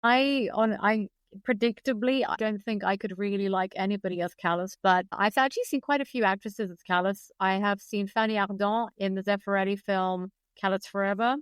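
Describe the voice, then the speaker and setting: A woman's voice: medium pitch, a little fast, clear, resonant tone, no echo. A woman from Britain, a guest biographer on a podcast, speaking in an articulate, precise and opinionated way. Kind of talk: podcast discussion.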